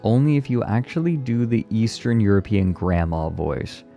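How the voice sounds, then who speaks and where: A man streaming and chatting casually with his viewers, speaking gently and with enthusiasm. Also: on the low side, moderate pace, hardly any pauses, soft background music. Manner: gentle, soft-spoken. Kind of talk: casual live-stream chat, answering chat.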